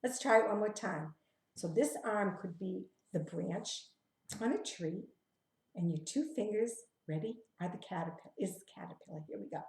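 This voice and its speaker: A woman reading a picture book aloud to young children, asking them questions and leading hand games in a gentle, coaxing way, sometimes dropping to a whisper. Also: mid-range voice, expressive, gravelly. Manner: drops to a whisper at times, sings slowly. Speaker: children's storyteller. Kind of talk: interactive children's story reading. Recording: roomy echo.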